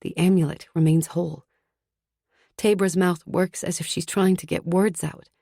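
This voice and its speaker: A woman's voice: on the low side, fairly even intonation, moderate pace, creaky, warm tone, dry recording, clean studio sound. A woman narrating a fantasy audiobook in the first person, tense and urgent. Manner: tense, urgent inner monologue.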